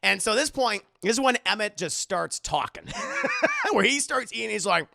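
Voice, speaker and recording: A man streaming a casual film retelling to his chat, animated and often restarting his sentences. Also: high-pitched, moderate pace, creaky, no room sound, studio quality.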